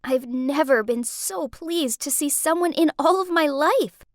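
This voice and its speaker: A woman narrating a first-person animated story in a dramatic, emotional way. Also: high voice, a little slow, no room sound, studio quality.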